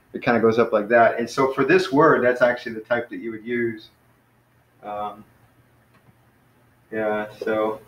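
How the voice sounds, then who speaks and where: Guy teaching a casual online class, mid-pitched voice, lots of um and uh, echoey room sound. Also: muffled recording. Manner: rambling, lots of fillers and self-corrections. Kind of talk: informal online language class.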